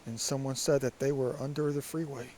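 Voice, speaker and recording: A man with a raspy, allergy-stuffed voice, musing and rambling in a casual vlog by a creek. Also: medium pitch, fairly even intonation, a little fast, mellow, slight background noise. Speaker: vlogger. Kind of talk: casual walking vlog monologue. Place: outdoors by a creek.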